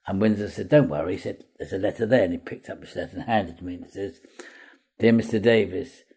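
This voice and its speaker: Older male raconteur, husky and gravelly, lively storyteller who mimics the people he quotes. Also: low voice, very fast. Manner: chatty raconteur, acts out quoted voices, laughs at own stories. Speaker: comedy actor guest. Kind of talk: anecdotal interview storytelling.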